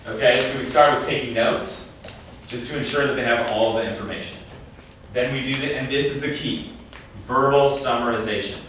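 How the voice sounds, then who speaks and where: Speaking to parents at a training session in a meeting room, a man uses a mid-range, fairly bright voice at a moderate pace. He keeps it casual and often acts out what people said. The mic is far away in an echoey room with faint noise.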